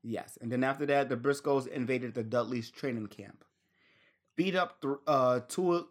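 A man's voice: medium pitch, moderate pace. A man co-hosting a casual podcast, rambling through a wrestling recap, laughing often and trailing off mid-sentence. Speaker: podcast co-host.

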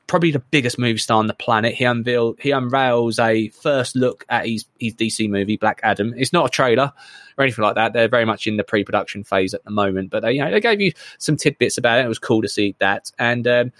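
A man co-hosting a casual film podcast, excited and sweary, rambling between points. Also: mid-range voice, fast talker, no room sound, studio quality. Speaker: podcast co-host.

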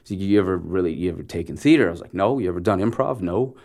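A man in his forties from Canada, a guest telling an animated story of his start as an actor and acting out the dialogue as he goes. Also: low-pitched, very fast, creaky. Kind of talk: casual storytelling interview.

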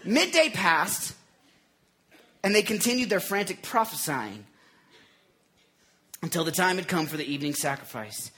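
A man's voice: high voice, lively intonation, normal speed, pauses often, sharp tone, slightly rough. A man preaching a casual, jokey sermon, retelling scripture in everyday slang.

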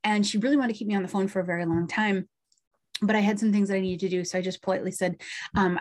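A woman's voice: mid-range voice, steady tone, fairly quick. A middle-aged woman, a medium and podcast host, telling a story in a chatty way with asides and small laughs. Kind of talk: storytelling monologue.

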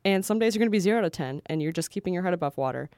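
A woman's voice: lowish voice, lively intonation, racing, darkish tone, no echo, clean studio sound. A woman co-hosting a podcast in casual chat, wry and joking, often laughing mid-sentence. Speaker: podcast co-host.

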